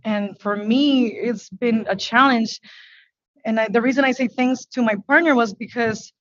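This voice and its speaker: A woman speaking English as her second language, a business owner testifying before a board in a halting, earnest, emotional way. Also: a little high, a bit bright, no echo, muffled recording. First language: not English. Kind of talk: testimony at a public hearing. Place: hearing room.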